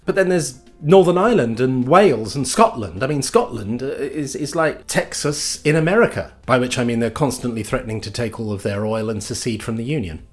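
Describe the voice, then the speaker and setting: A man's voice: medium pitch, animated, fairly quick, few pauses. A man with a British accent delivering a scripted comic monologue with dry, sardonic mock outrage. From Britain. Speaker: comedy host.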